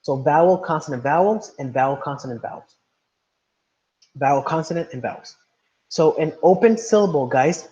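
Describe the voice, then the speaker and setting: A man's voice: a little high, darkish tone. Man teaching an online class, muffled. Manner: patient, repeats words and checks with "right?". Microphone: video call.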